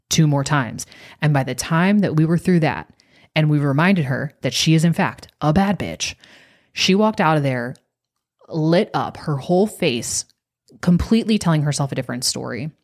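A woman coach talking on a podcast, guiding listeners through an exercise and telling a story from a workshop in an animated way. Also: low voice, moderate pace. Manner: animated, acts out quoted voices.

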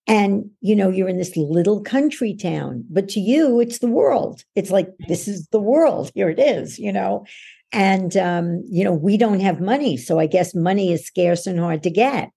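Gravelly, husky woman explaining patiently. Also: medium pitch, expressive, unhurried, dark tone. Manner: patient and instructive, acts out everyday voices to illustrate points. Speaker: podcast guest, belief-change coach. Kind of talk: explanatory interview answer.

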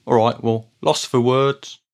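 A middle-aged man talks in an earnest, deadpan way. His pitch sits in an ordinary middle range. He plods through a scripted comic monologue at a steady pace. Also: a little slow. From Birmingham, England. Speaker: podcast host.

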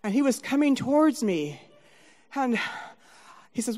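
A woman's voice: on the high side, normal speed. Dramatic middle-aged woman storyteller in a hall. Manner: animated, dramatic shifts from hushed to shouting. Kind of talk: live personal storytelling.

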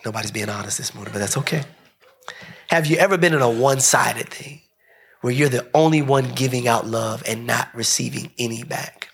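A pastor preaching a sermon at a church service, talking with the congregation in a conversational, animated way and swinging between loud and soft. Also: male voice, mid-range voice, brisk, gravelly.

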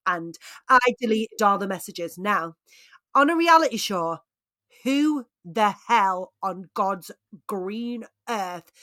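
Brief: woman podcaster, lively casual recap, big swings in volume. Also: medium pitch, no echo, clean studio sound. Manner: animated, swings between loud exclaims and quiet asides. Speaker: podcast co-host.

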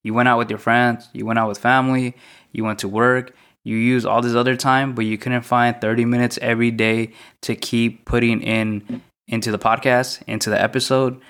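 Young guy on his own podcast, kinda monotone, keeps asking himself why, mid-pitch voice. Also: normal speed, clean tone. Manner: self-described monotone, reflective, repeats questions. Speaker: podcast host. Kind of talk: solo podcast monologue.

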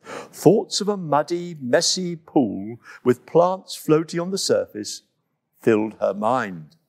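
Slow, gravelly male storyteller. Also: on the high side. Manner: expressive, unhurried. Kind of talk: children's storybook narration.

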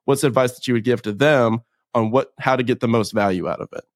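A man's voice: medium pitch, quick pace, dry recording, clean studio sound. A man hosting a podcast in an easygoing, enthusiastic way, full of casual slang. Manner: enthusiastic, slangy, says "dude" a lot. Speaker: podcast host.

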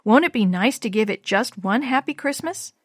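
Gentle kind schoolteacher lady, read by a woman, dry close mic. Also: a little high, expressive, normal speed, no room sound. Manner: kind, warm encouraging.

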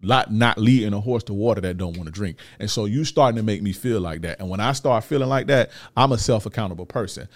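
Here the thirtysomething Floridian host of a men's life-advice show speaks fast in a lowish voice, barely pausing, with no room sound. It's a casual ranting monologue, blunt and laced with profane street slang.

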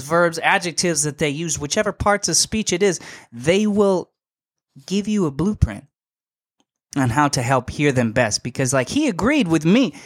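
A young man hosting a podcast, telling a story in a casual, animated and slangy way, emphatic and full of asides. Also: on the high side, dry recording, studio quality. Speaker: podcast host.

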